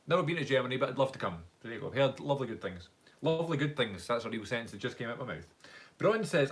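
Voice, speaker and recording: A young Scottish man hosting a casual live-stream Q&A from his phone, chatting at length and reading out viewer comments. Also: mid-range voice. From Scotland. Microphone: phone front camera.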